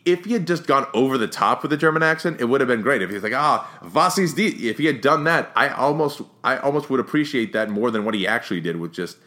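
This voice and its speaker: A man giving a casual, rambling movie review, full of restarts and fillers, who grows more animated as he critiques. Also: on the low side. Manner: opinionated, gets more animated when critiquing.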